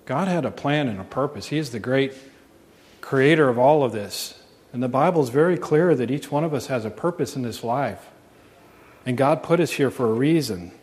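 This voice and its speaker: A man's voice: medium pitch, lively intonation, normal speed, a little mellow. Male pastor preaching earnestly; mid-range voice, lingering hall echo. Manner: earnest preaching, asks the congregation questions. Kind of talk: sermon. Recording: long reverb.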